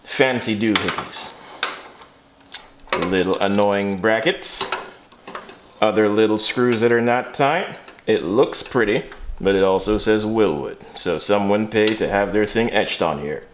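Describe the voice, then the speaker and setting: A man's voice: lowish voice, measured pace, slight background noise. A man hosting a casual car repair vlog, rambling and joking at himself while he works in a garage. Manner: joking, rambling, self-mocking. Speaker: channel host.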